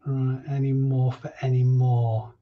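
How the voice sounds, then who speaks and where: A man's voice: mid-range voice, little pitch movement, unhurried, muffled recording. A man hosting a casual live stream, chatty and jokey as he reads out viewers' names. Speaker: reseller livestream host.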